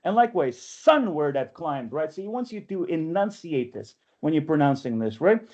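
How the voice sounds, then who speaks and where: A man teaches an online poetry workshop, explaining things step by step and repeatedly checking in with "right?". His voice is a little high and mellow, with lively intonation and a fairly quick pace, captured in lo-fi video call audio.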